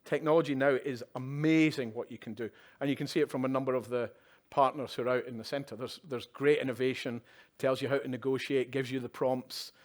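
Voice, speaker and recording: Speaking fairly quickly in a steady, mid-range voice, a man delivers a keynote from a conference stage at a live event. His style is chatty, full of wry asides and tag questions like "yeah?" aimed at the audience.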